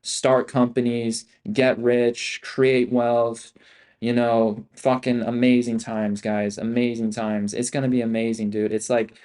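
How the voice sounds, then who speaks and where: A man's voice: mid-range voice, flat delivery, unhurried, a little mellow. A man hosting a livestream as an options trader, talking in a hyped, profane, slangy way and repeating himself a lot. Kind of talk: casual livestream talk.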